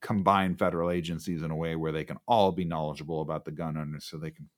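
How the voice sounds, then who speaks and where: A man's voice: very deep voice, steady tone, fast talker. A man co-hosting a podcast in casual chat, rambling and sarcastic with lots of fillers. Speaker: podcast co-host.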